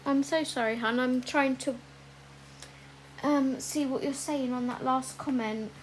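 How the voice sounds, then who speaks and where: Slow-talking chatty woman streaming. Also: sits high, steady tone, slight background noise, rough recording. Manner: chatty, many ums, reads viewer comments aloud. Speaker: livestream host colouring. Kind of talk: casual livestream chat.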